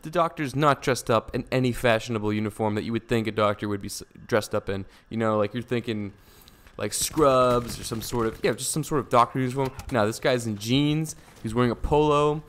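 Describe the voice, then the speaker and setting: A man's voice: mid-range voice, a little fast, fairly bright tone. A young man casually telling a story to his viewers, rambling and laid-back with lots of fillers. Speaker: vlogger.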